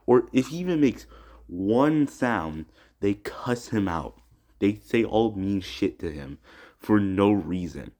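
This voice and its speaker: A teenage boy vents in an agitated personal vlog, his voice sitting very low. He often restarts his words and swears heavily as he goes. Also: animated, slow pace, darkish tone. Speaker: student vlogger. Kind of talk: upset personal vlog rant.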